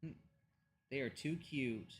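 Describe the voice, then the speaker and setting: A man's voice: medium pitch, slow. An American man co-hosting a pagan discussion show, talking casually at his home computer with many fillers and restarts, and now and then turning aside to his pets. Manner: talks softly to pets off to the side. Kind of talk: casual chat.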